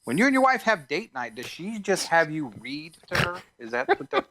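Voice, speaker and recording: A man on a comedy debate panel, his voice lively and bright as he teases with laughing questions. His pitch moves a lot within a middle range. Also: normal speed, vocal fry. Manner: animated, laughing teasing questions. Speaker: debate contestant, TV host. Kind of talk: comedic banter.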